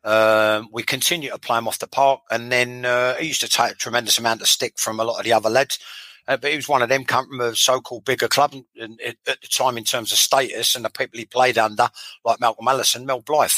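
A man's voice: medium pitch, fairly even intonation, quick pace, bright, forceful tone, no echo, low-quality recording. A man, a former footballer telling blunt, sweary stories in a casual interview, often repeating himself.

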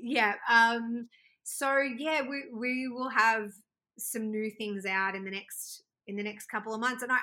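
A woman's voice: mid-range voice, bright, forceful tone. A woman, a wedding singer, chatting casually and giggling in a podcast interview. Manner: chatty and giggly, with frequent restarts.

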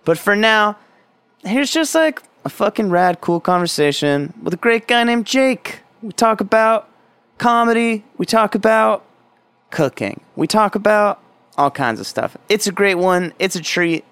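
A man's voice: high voice, animated, measured pace, a bit bright, clear, resonant tone, no room sound. A man hosting a casual podcast, rambling and self-deprecating, swearing offhandedly. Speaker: podcast host.

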